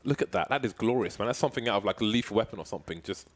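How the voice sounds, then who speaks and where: A man's voice: lowish voice, racing. A man giving live color commentary on an esports match, full of jokes and playful banter, getting hyped when big plays happen.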